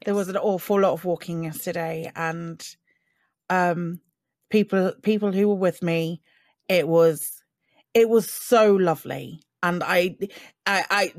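A woman in casual group chat, talking in halting bursts with many restarts, frequent swearing and laughter. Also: fairly low pitch, no echo, clean studio sound.

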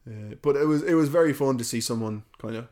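Animated podcast storyteller, a man. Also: medium pitch, fast talker. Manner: animated storyteller, swears freely. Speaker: podcast co-host. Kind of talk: casual podcast chat.

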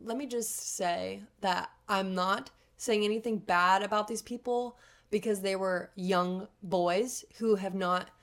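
Young woman chatting, full of "like". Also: mid-range voice. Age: young adult. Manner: animated, swears freely, fills with "like". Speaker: podcast co-host. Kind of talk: casual chat, storytelling.

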